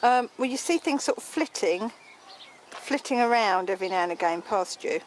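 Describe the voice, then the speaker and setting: Woman, animated voice, slow speech, agreeable, outdoors, birds and light noise behind. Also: mid-range voice, rough recording. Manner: agreeable, quick to chime in. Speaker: companion on the trip. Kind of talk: casual chat. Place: outdoors at a castle site.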